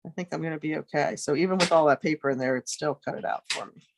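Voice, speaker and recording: Middle-aged lady showing a craft project, lowish voice, chatty, faint hiss and clicks. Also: fast talker, gravelly. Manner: chatty, friendly asides, thinks aloud while working. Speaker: crafting demonstrator. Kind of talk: casual tutorial demonstration. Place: home craft studio.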